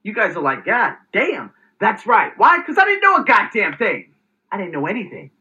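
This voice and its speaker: A man's voice: high voice, moderate pace. Guy doing a hype motivational vlog, voice bouncing all over, swears a bit, kinda dull lo-fi audio. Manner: energetic, emphatic, salty language. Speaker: host.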